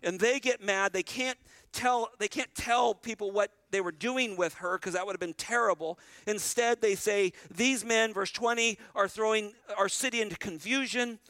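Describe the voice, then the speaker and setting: A man's voice: high voice, moderate pace, bright, forceful tone, no room sound. A man preaching a sermon as pastor, talking straight to the congregation and retelling scripture in an earnest, conversational way. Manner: addresses the congregation directly.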